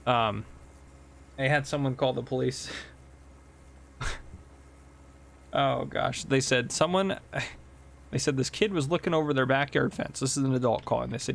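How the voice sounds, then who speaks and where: A man's voice: mid-range voice, measured pace, vocal fry, pauses often. A man casually commentating a farming game and telling police stories, chatty and laughing often. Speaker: gameplay host and police officer.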